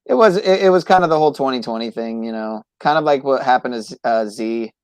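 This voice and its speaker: A man hosting a livestream podcast, chatting casually in a rambling, hesitant way that trails off quietly. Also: medium pitch, animated, fast talker, clear, resonant tone, dry recording. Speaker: podcast host.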